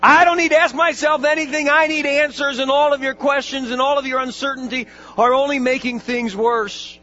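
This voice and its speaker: A man's voice: fairly high pitch, animated, moderate pace. A man voicing a desperate dying man who pleads for answers about forgiveness. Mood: agitated. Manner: pleading, agitated, insistent. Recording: dull lo-fi with mains hum.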